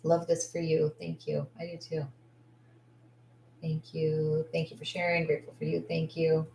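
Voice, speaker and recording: A woman's voice: low voice, completely flat delivery, moderate pace, vocal fry, a little mellow, roomy sound. A woman business coach chatting on a livestream, candid and effusive, rambling with lots of likes and restarts. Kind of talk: casual livestream chat.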